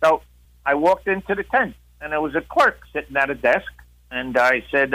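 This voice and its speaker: Older guy spinning a story, slightly high voice, dry close sound, lots of uhs. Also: moderate pace, pushed and bright, no room sound, rough recording. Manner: rambling, with frequent "uh" and acted-out quotes. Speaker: guest, veteran storyteller. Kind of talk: storytelling interview.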